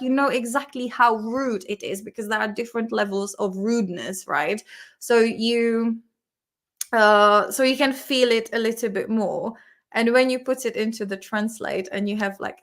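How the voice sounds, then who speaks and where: A woman's voice: on the high side, a bit bright. A young woman with a Czech accent, a native Czech speaker, hosting a casual chat and often breaking into giggles. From Czech Republic. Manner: giggly, chatty, lots of fillers. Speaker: host.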